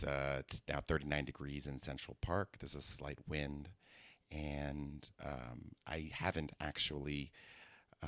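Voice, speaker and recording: A man doing a hushed, deep radio announcer. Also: no echo, heavily acted. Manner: very slow, calm and soft. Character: hushed, slow-talking male public radio announcer.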